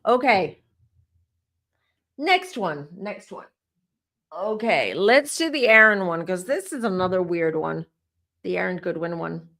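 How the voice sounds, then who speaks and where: A woman doing a casual tarot reading for her channel, talking in an animated way and repeating herself as she works up to exclamations. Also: lowish voice, normal speed, vocal fry. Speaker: tarot reader.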